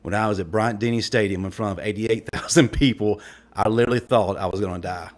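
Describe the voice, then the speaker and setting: A man's voice: lowish voice, quick pace. A man co-hosting a casual sports podcast, telling a story in a chatty way. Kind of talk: casual chat.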